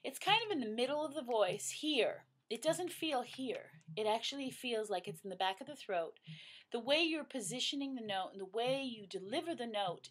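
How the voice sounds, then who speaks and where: A middle-aged woman teaching singing, explaining vocal registers slowly and breaking into loud sung exercises. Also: fairly high pitch, breathy edge. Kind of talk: vocal lesson with sung demonstrations.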